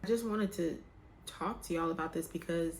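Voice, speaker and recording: Low, gravelly-voiced woman sharing her faith. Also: moderate pace, a little hiss or hum. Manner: candid, emotional, colloquial, drawls some words. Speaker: faith vlogger. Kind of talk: casual heartfelt chat to camera. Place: room with some echo.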